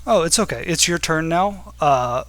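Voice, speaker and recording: Bright-voiced man running a tabletop game. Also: fairly high pitch, lively intonation. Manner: casual, with filler words and quick asides. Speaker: game master.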